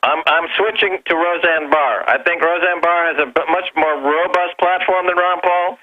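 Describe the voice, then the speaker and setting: Man, phone-in guest, brash, provocative, slightly high voice, tinny phone sound. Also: steady tone, moderate pace. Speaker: guest commentator. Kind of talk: phone-in talk radio interview. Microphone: telephone.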